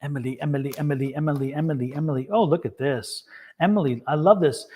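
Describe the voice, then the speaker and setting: A man's voice: a little high, fast talker, a little mellow. A man hosting a live tarot reading session, chatting casually, repeating himself and laughing often. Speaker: tarot reader and co-host. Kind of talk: casual livestream chat.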